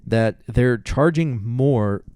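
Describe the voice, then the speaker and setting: A man's voice: medium pitch, takes it slowly, mellow, smooth, dry recording. A man hosting a podcast in casual chat, an easygoing storyteller who asks his guest questions. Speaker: podcast host.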